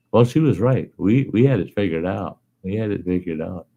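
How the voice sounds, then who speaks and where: A man's voice: deep voice, expressive, a little slow, creaky, warm tone, lo-fi sound. A man hosting a casual chat, telling a long joke in a folksy way and swearing freely. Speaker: host.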